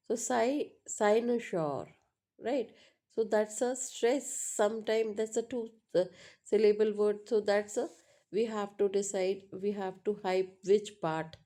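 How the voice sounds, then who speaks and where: A woman teaching a lesson on word stress, pausing often with fillers and asking "right?" to check understanding. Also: mid-range voice, mellow. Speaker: English teacher. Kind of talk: spoken lecture on pronunciation.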